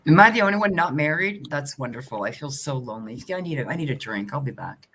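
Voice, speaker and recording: A woman's voice: expressive, quick pace, a bit bright, breathy edge. A woman in her forties ranting with exasperation in a casual group chat. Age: 40s. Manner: exasperated ranting, swings up and down in pitch. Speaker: panelist.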